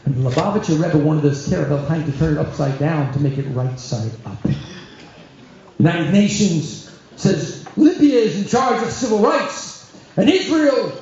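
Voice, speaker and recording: Animated rabbi in an echoey hall. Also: male voice, high-pitched. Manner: animated storyteller, wry humor, acts out quoted voices. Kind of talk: storytelling talk to a congregation. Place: synagogue hall. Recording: echoey hall, dull lo-fi sound.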